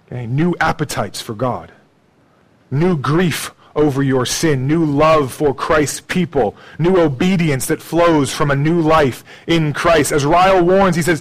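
The audio is poor, and the male pastor speaks a little slowly. Preaching in a conversational style, he swings between soft, low asides and emphatic, raised lines, often capping his points with "right?" or "okay?"

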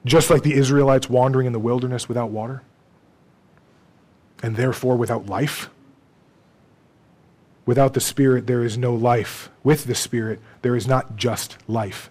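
A man's voice: medium pitch, steady tone, normal speed, long pauses, a little mellow, rough recording. A man preaching a sermon in a conversational way, often checking in with his congregation and using dry, self-deprecating humor. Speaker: pastor.

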